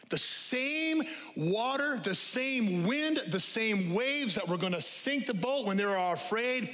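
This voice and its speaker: A male pastor preaching a lively, conversational sermon to a congregation, repeating key phrases and dropping humorous asides. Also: sits high. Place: church auditorium with live congregation. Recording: long hall reverb.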